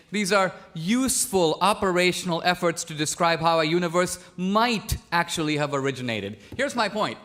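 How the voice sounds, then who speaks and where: A man's voice: high voice, a bit bright. Man from India arguing in a debate. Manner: pressing, argumentative, quotes opponent's words back. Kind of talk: formal debate argument. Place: large auditorium stage.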